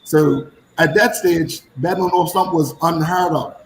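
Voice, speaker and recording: A man who used to play cricket, telling animated stories in casual chat and repeating phrases for emphasis. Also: fairly high pitch, measured pace, echoey room, low-quality recording. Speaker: former cricketer.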